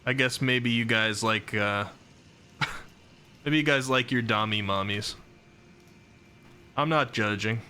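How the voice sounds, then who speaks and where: A man with a bright, forceful voice talks through his live gameplay stream, reacting to each new thing on screen and replying to viewers' messages. A faint bed of background noise sits under his voice. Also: medium pitch, slow pace, pauses often. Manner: chatty, reacts aloud and answers chat.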